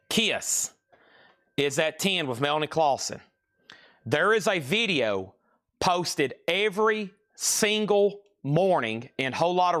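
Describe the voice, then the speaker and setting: A man hosting a live-stream record auction, rattling off prices and bids in quick, playful sales patter. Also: a little high, a bit bright.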